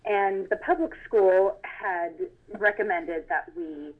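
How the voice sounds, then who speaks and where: A woman, a school co-founder, giving composed, measured answers as an interview guest. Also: mid-range voice. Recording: tinny phone line.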